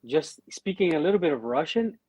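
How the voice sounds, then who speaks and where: A man's voice: fairly high pitch, lively intonation, fairly quick, a little mellow. A man, a guest on a casual livestream, who laughs often and acts out quoted voices.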